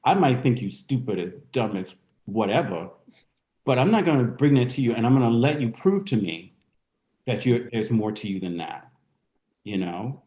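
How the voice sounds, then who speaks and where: A man's voice: mid-range voice, lively intonation, normal speed, warm tone. Reflective man with an echoey sound. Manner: reflective, thinks aloud with restarts. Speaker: guest dancer. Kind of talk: candid conversational interview.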